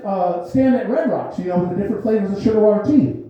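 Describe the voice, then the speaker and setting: High-voiced man telling stories on stage. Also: fairly quick. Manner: loose, rambling storytelling with frequent laughs. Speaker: stand-up comic. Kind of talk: stand-up comedy set. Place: small comedy theater stage. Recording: very echoey, dull theater recording.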